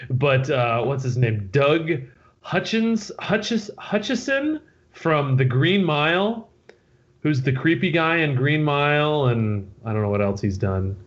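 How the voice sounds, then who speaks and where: Man co-hosting a casual chat, lively swinging pitch, thinks aloud, dull lo-fi sound. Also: a little slow. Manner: laughs often, thinks aloud.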